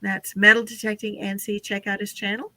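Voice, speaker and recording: A woman's voice: mid-range voice, little pitch movement, brisk, pushed and bright, no room sound. A woman hosting a casual live stream, chatting with guests and running through lists of names. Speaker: livestream host.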